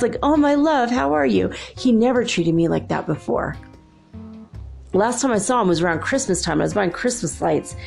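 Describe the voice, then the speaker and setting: A woman's voice: lowish voice, gravelly, a little mellow. A woman and mother talking in a casual, rambling spiritual monologue, laughing often as she shares stories. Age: adult with children. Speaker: spiritual channel host.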